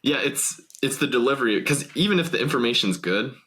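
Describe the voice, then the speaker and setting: Bright-toned man hosting a casual chat. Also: mid-range voice, expressive, a little fast. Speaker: podcast host. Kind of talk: casual conversational interview.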